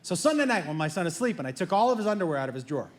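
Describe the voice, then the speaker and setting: A man's voice: high-pitched, very fast, slight background noise. A middle-aged man doing stand-up, telling family stories and acting out the people in them. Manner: animated, acts out family members in quoted voices. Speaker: stand-up comedian. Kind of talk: stand-up comedy storytelling. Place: theater stage before a live audience. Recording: roomy live theater sound.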